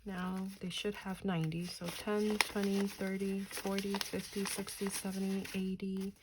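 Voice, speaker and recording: Woman, thirties, unhurried, counts money aloud, noisy home recording. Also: mid-range voice, flat delivery. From New Jersey, US. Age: 30s. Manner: slow, chatty, counts money aloud, muttering asides. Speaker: budgeting channel host. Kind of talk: casual chat while counting cash.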